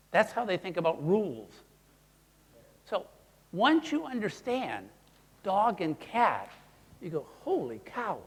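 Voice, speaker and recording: A man presenting a teaching seminar, who talks in an animated way and acts out his examples in character voices. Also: high-pitched, breathy edge. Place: presentation room. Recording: long hall reverb.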